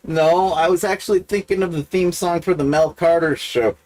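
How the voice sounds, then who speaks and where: A man's voice: fairly even intonation, normal speed, few pauses, a little mellow. A man hosting a livestream, talking to camera in a profane, self-mocking, wandering monologue. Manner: wide sudden pitch swings. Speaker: livestream host. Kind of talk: rambling casual monologue.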